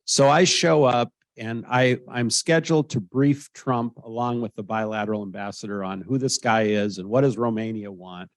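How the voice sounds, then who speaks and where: A man's voice: on the low side, normal speed, hardly any pauses, dry recording. A man in his sixties with an American accent, telling an anecdote as a guest and acting out the voices of others. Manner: animated, acts out quoted voices. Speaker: interviewee. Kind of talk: storytelling anecdote.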